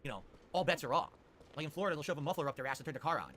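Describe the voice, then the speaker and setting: A man streaming live, answering chat questions with quick, opinionated rants. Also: on the high side, animated, fairly bright tone, a little hiss or hum. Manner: rapid, opinionated ranting. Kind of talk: livestream chat reply.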